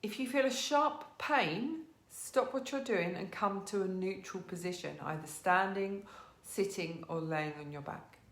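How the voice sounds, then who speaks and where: An English woman teaches a live online yoga class from her living room, greeting students by name and offering gentle, encouraging cues. Her medium-pitched voice is unhurried, and the sound is reverberant.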